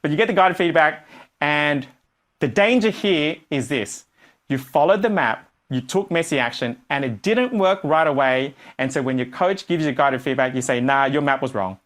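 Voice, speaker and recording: A man teaching a business course to a live audience, animated and playful, swinging between loud bursts and quiet asides. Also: fairly high pitch, normal speed. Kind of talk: energetic live workshop teaching. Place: training room with a live audience.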